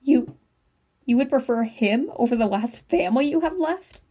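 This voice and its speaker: A woman's voice: mid-range voice, fairly quick, warm tone, lightly acted. A woman voicing a fierce, grieving young fox-like sister who speaks in an angry, accusing way, as in a storybook reading. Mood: hurt.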